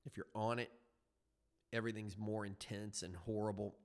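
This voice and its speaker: A man in his fifties telling a personal recovery story on a headset mic, halting and reflective, with many fillers and restarts. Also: lowish voice, little pitch movement, darkish tone. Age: 50s.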